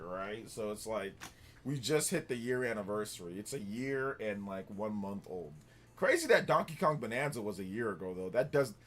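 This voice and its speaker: A man hosting a live gaming stream, chatting casually and rambling as he answers viewers, with frequent laughs. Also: mid-range voice. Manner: relaxed, rambling, answers chat and laughs often. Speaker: gaming livestream host.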